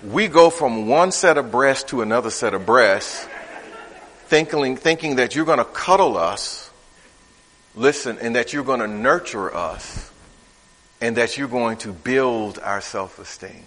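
A man preaching a sermon in a conversational style, swinging from loud, high bursts to low, quiet asides. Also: expressive, a little slow. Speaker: pastor. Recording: reverberant hall.

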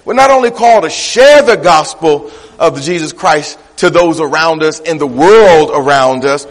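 A pastor preaching in a church, a man whose voice sits fairly high. He drives his points home with emphatic repetition and bursts of shouting. His voice carries a long reverb from the hall. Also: expressive, moderate pace, hardly any pauses. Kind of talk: sermon.

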